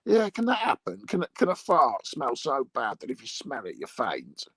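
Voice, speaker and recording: A man with a gravelly, fry-laden voice rambles through bawdy comic chat, chuckling as he goes. His pitch jumps around a lot, and the sound is dry and close with little room. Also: wildly swooping pitch, normal speed, a bit bright, no echo, rough recording. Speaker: comic monologue host.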